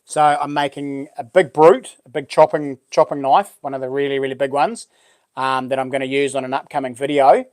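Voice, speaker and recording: A New Zealand man hosting a casual live stream, chatting in a relaxed way, full of slang and reading out viewer comments. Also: medium pitch, fairly quick. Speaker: livestream host.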